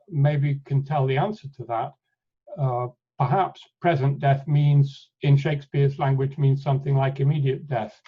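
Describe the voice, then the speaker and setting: A man presenting a live software demonstration in a webinar, thinking aloud as he clicks through steps and often restarting his sentences. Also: mid-range voice. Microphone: computer mic on a video call. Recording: dull lo-fi webinar audio.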